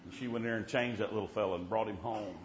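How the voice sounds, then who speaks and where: Folksy preacher in a roomy church. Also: male voice, on the low side, fairly even intonation, quick pace, background noise. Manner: folksy, punctuates with "Amen", preaches with rising fervor. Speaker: preacher at a revival meeting. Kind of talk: storytelling sermon. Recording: roomy, dull church recording.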